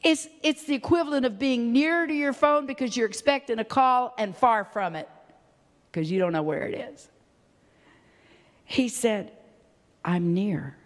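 A woman preaches a sermon to her congregation with fervent passion. She drops to near-whispers, then rises into loud, soaring shouts. Her voice rings out with the long reverb of a large hall. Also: a little high, normal speed. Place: church.

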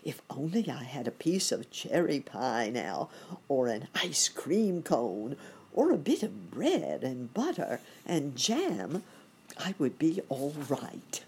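A woman voicing a kindly, hopeful old gentleman rabbit with gentle exclamations. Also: a bass voice, sing-song, slow, breathy edge, exaggerated voice. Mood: mild.

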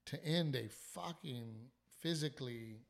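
A man's voice: medium pitch, measured pace, vocal fry. Sick, sleepless man telling a story. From South Texas. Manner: animated, swearing, trailing restarts. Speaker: comedian and podcast host. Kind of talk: casual storytelling chat.

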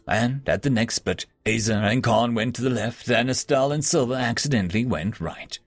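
A male narrator reading a fantasy story aloud. His voice is gravelly and husky and moves a lot in pitch. The sound is dry and close. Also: no room sound. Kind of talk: audiobook narration.

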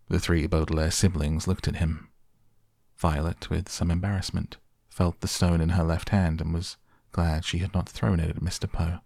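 Male audiobook narrator, very low husky voice, measured telling, dry booth sound. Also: level tone, a little mellow, no echo. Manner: measured storytelling with quoted dialogue in near-own voice. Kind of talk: audiobook reading.

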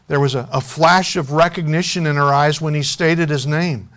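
A man preaching a sermon, telling a story and making an earnest, softening appeal to his congregation. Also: fairly high pitch, steady tone, moderate pace. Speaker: pastor.

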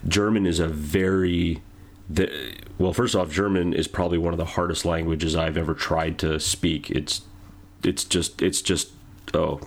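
A man talking as a guest on a voice-acting podcast, rambling with many fillers and pauses. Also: low voice. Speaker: guest voice actor. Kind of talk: casual podcast chat.

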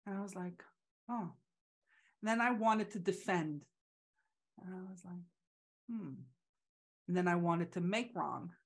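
Woman chatting, halting, lots of restarts and little acted-out quotes. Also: on the low side. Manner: halting, many restarts and fillers, acts out quoted voices. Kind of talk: casual reflective conversation.

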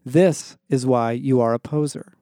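A man voicing a punk teenage boy who lectures his friends in a slow, solemn deadpan. The tone is dark and mellow. The recording is dry and close. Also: medium pitch, dry recording, natural voice. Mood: deadpan scolding. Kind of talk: audio fiction reading.

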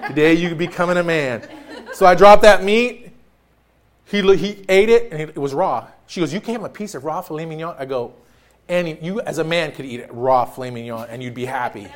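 A man's voice: on the high side, a little fast. A man preaching a sermon as pastor in a church, joking and storytelling with frequent laughter. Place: church sanctuary.

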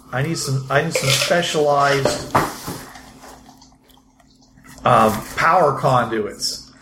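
A man voicing a rambling male bar owner who tinkers with his bike, halting and full of ums and restarts, in an echoey room. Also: mid-range voice, a bit bright, slight background noise.

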